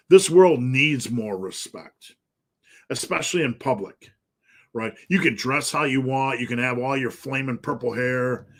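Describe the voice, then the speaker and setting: A man's voice: mid-range voice, fairly bright tone. Blunt, profane man ranting. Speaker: fitness coach answering live questions. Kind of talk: live Q&A rant.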